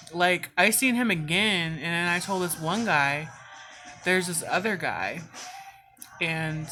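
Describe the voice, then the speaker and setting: Her voice runs on the low side, bright with a forceful tone. The vlogger recounts a storytime casually, full of cursing and frequent "like" fillers.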